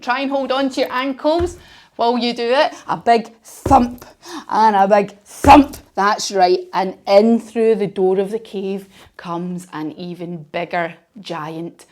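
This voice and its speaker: A woman leading a children's yoga class while telling a story, playful and encouraging. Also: medium pitch. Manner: encouraging, playful, sing-song. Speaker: kids yoga teacher.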